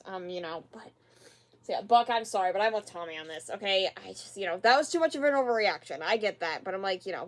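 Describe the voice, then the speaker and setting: A person hosting a reaction video, talking casually and rambling with many fillers and repeats, sighing in exasperation at the show. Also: female voice, mid-range voice.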